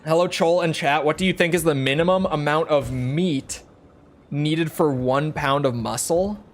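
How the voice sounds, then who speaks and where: A man's voice: a little high, normal speed. A young man in his twenties chatting casually on a gaming stream, talking from the throat to project his voice.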